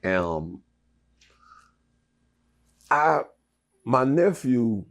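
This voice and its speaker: A man's voice: medium pitch, big pitch swings, extremely slow. A middle-aged man telling his life story in an interview, profane and rambling with many restarts. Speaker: interview guest.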